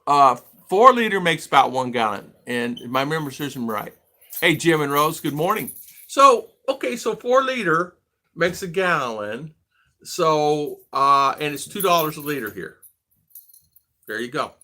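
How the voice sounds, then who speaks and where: A man's voice: on the high side, expressive, moderate pace, sharp tone. A man from the United States hosting a casual livestream, thinking aloud and greeting viewers by name as he goes. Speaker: vlogger host.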